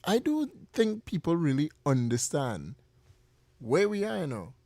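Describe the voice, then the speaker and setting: Man, Trinidadian accent, passionate radio host, gravelly fairly high voice, dry studio. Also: very animated, measured pace, mellow, dry recording. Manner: laughs often, passionate, addresses co-host as "boy" and "heavy". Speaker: radio talk show host. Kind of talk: casual radio talk. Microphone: studio mic.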